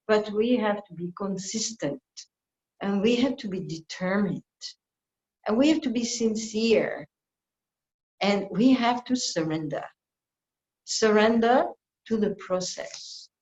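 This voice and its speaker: A woman leads a reflective scripture class, her unhurried sermon-style delivery earnest and deliberate, now and then slipping into little acted-out quoted exchanges. Her voice rings around a roomy space. The recording itself sounds dull and lo-fi. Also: mid-range voice, a little mellow. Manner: slow, earnest teaching with playful acted-out quotes. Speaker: spiritual teacher giving a scripture class.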